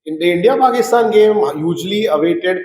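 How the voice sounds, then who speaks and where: A man recalling old cricket matches in an animated, storytelling way, with frequent fillers. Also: sits high, fairly quick. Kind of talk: reminiscing conversation. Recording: roomy echo.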